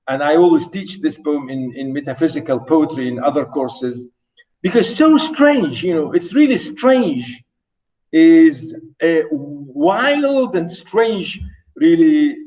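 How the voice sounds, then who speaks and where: A man lecturing on poetry, animated, asking the class rhetorical questions and reading verse aloud slowly. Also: high voice, far from the mic, low-quality recording. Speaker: literature lecturer.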